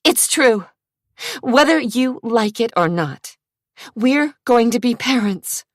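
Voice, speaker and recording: A woman's voice: steady tone, moderate pace, darkish tone, husky, no room sound, studio quality. A woman reading aloud, voicing a young pregnant woman who speaks in a raised, tearful voice. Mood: angry. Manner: voice lifted higher and tearful.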